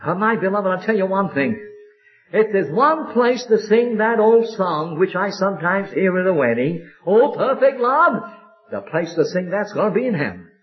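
A man preaching a sermon with fervent, drawn-out emphatic phrases, from an old recording. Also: sits high, lively intonation, muffled recording.

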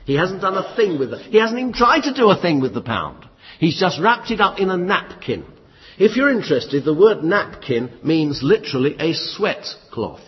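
A man preaching a sermon in an emphatic, lively style with flashes of dry humour. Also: sits high, normal speed, breathy edge. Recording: muffled, echoey hall.

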